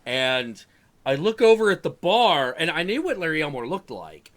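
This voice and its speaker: A man hosting a live stream, telling animated casual stories with frequent swearing and stammered restarts. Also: on the high side, normal speed. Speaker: show host.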